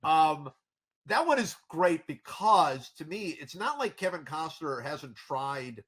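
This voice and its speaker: Animated, slightly husky male host. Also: a little high, takes it slowly. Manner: animated, rambling with many restarts. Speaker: podcast host. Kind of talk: casual chat.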